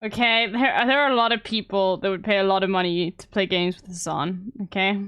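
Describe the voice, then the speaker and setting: A woman's voice: mid-range voice, steady tone, fairly quick, fairly bright tone, clear, resonant tone, dry recording. Woman streamer, casual reaction chatter to her viewers, clean resonant tone on a dry mic. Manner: chatty, talks to her chat with repeated "okay?".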